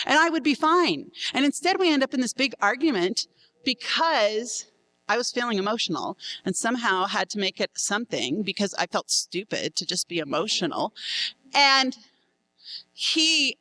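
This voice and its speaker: A middle-aged woman speaks frankly to a room of couples, sprinkling in laughing asides. Her voice sits a little on the high side. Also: animated, moderate pace, sharp tone, rough recording. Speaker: seminar speaker. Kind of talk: candid talk to couples.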